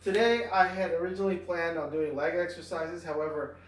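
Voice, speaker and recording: A tired man talks through his stretches in a relaxed, rambling way, full of ums and uhs. His voice sits a bit high for a man. It sounds roomy and echoey, and he is some way off from the mic. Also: a little fast, recorded from a distance, a little hiss or hum. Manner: relaxed, rambling, many fillers. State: tired after exercise. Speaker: fitness vlogger. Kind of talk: casual exercise vlog. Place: at home near a backyard.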